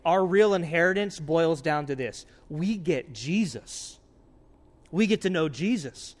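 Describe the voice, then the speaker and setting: A man preaches with a voice pitched a little above most men's. He speaks earnestly, pressing his points loudly and then dropping to hushed warnings. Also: animated, unhurried. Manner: earnest, swings from loud urgency to hushed warnings. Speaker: pastor. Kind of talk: sermon.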